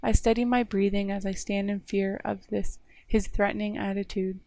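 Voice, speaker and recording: A woman's voice: medium pitch, flat delivery, moderate pace, dark tone, dry recording. Woman streamer reading a visual novel. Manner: reads narration with short laughing asides. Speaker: game streamer.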